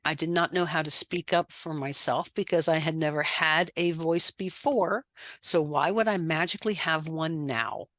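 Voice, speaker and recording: A woman's voice: low voice, moderate pace, fairly bright tone, dry recording, studio quality. A middle-aged woman sharing her story as a podcast guest, earnest, repeating phrases for emphasis. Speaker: guest, life coach. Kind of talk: candid personal testimony.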